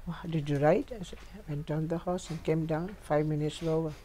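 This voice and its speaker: Talking a little fast in a low voice, an older woman relates comic memories at home over slight background noise. Her storytelling is lively, and she laughs often.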